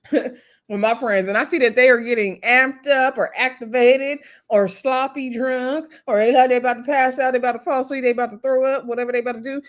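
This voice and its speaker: A woman's voice: fairly high pitch, fast. A woman casually recapping a reality TV episode, chatty and laughing often, acting out cast members' lines. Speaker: TV show reviewer.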